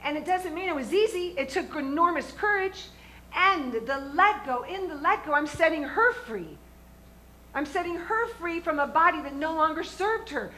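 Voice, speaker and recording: A woman's voice: extremely high pitch, expressive, normal speed, bright, forceful tone, slight background noise, poor audio. A woman minister giving a sermon to her congregation in an earnest, emphatic way, often asking them questions. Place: church sanctuary with a congregation.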